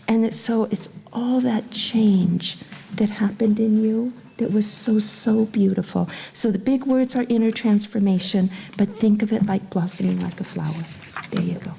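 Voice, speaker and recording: A woman teacher giving awards to young students at a graduation, speaking gently and brightening as she acts out little quotes. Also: mid-range voice, moderate pace, gravelly, slightly rough. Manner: gentle, warm-hearted and animated, acting out little quotes. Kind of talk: speech at a school graduation.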